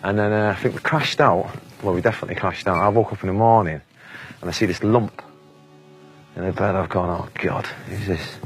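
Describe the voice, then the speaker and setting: A man's voice: sits low, brisk, soft background music. A Mancunian man in his forties, telling blunt, sweary anecdotes in a casual interview and laughing often. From England.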